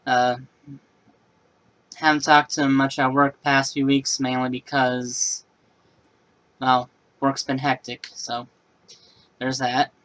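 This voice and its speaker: A man's voice: medium pitch, flat delivery, slow, pauses often, fairly bright tone, poor audio. A man casually talking through a laptop repair in a how-to vlog, rambling and matter-of-fact. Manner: rambling, many fillers and restarts. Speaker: computer repair vlogger.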